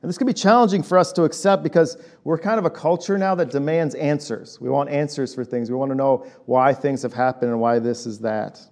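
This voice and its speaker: A man's voice: medium pitch, fairly quick, few pauses, darkish tone. A man in his late thirties preaching a sermon as a pastor, talking in a conversational way and often checking in with the listeners. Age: late 30s.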